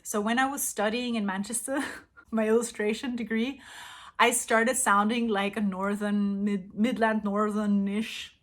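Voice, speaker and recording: A woman's voice: mid-range voice, a bit bright. A young woman with an accent that mixes British and Canadian English, chatting casually as a language-learning vlogger and drifting off on tangents. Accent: mix of British and Canadian English. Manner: rambling, tangent-prone, chatty. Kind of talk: casual chat.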